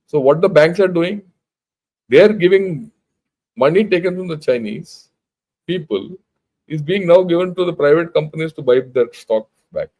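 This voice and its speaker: Man, older, Indian English accent, informal lecture, emphatic, fairly high-pitched. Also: expressive, moderate pace, dark tone, low-quality recording. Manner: emphatic, blunt, rhetorical questions. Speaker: retired army general giving a talk.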